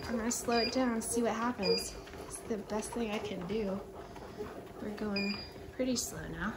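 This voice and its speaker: A young woman vlogger talking fondly to her dogs at home, praising them softly and laughing often as they walk on a treadmill. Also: medium pitch, normal speed, echoey room. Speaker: vlogger and dog owner. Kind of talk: casual chat. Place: indoors at home beside a running treadmill. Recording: steady treadmill motor noise behind.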